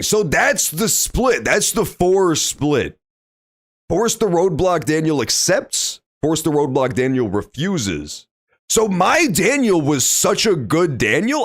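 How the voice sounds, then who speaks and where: A young man streaming a game, reacting loudly and swearing often in casual commentary. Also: a little high, no room sound, clean studio sound. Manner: animated, reactive, swears often, loud outbursts. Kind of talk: let's play commentary.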